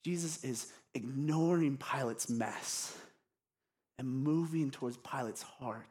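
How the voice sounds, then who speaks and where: A man's voice: medium pitch, slow pace, darkish tone. A male pastor giving a casual, candid sermon to his congregation, with frequent "like" and self-deprecating asides. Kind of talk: conversational sermon. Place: church congregation.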